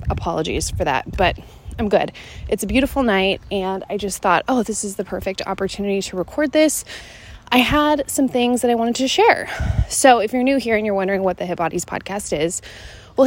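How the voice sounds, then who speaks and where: A woman's voice: medium pitch, normal speed, a little hiss or hum. A woman from Seattle records her podcast while out on an evening walk, a little short of breath as she goes. She chats casually and rambles, dropping "like" into almost every thought. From Seattle, Washington, USA. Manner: chatty, rambling, many "like" fillers. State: slightly out of breath. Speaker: podcast host and fitness coach. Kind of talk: casual solo podcast chat.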